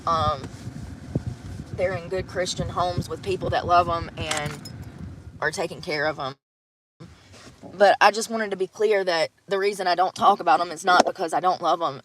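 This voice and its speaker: A woman, chatting casually and rambling to her live-stream viewers. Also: on the low side. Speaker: livestream host. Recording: steady car road noise.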